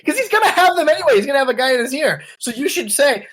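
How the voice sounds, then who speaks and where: A man's voice: very high-pitched, sing-song, very fast, fairly bright tone. Man on a podcast, casual political chat, sarcastic and riffing, webcam mic. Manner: riffing, sarcastic, puts on quoted voices. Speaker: podcast co-host.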